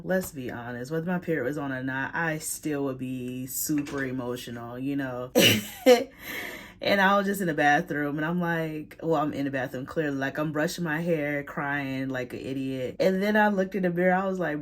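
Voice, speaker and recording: A young woman with a slightly low voice talks through a late-night vlog in her bedroom. She rambles casually in slang and keeps laughing at herself. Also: normal speed. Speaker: vlogger.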